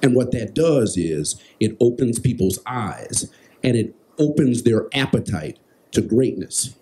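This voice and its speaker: A man speaking on a festival panel. He delivers measured, inspirational remarks and repeats phrases for emphasis. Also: mid-range voice, sing-song, mellow, a little hiss or hum.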